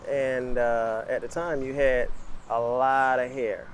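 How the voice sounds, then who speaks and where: A man interviewing a guest in a relaxed, casual way, laughing along. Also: medium pitch, takes it slowly, a little hiss or hum.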